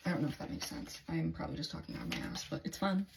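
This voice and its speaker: Woman, low register, candid rambling tarot-reading diarist; salty, self-talking delivery. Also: racing, vocal fry, noisy background. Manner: candid, rambling, swears freely, self-talk. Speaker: tarot reader. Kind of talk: casual tarot reading video diary.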